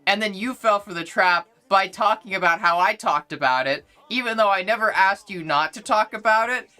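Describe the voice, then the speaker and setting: A woman's voice: medium pitch, moderate pace, bright, forceful tone. A young woman streamer ranting in a rambling, profane, exasperated way as she chats and reads her chat. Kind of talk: casual livestream rant, reading chat.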